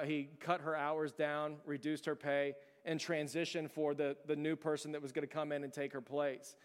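A male pastor preaches in a fairly high, smooth and resonant voice. His delivery is conversational and earnest, with emphatic storytelling. The sound carries a long reverb, as if from a large church hall. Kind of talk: sermon.

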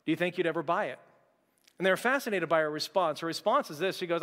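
Young man, pastor, sermon, high voice, long hall reverb, casual jokey asides. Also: pushed and bright. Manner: conversational, joking preacher with quick asides. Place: church sanctuary.

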